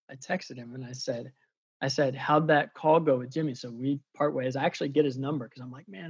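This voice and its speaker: A man sharing a faith story as an excitable, chatty storyteller, with many fillers. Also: fairly high pitch, creaky, dull audio. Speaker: faith coach. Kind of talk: animated storytelling testimony.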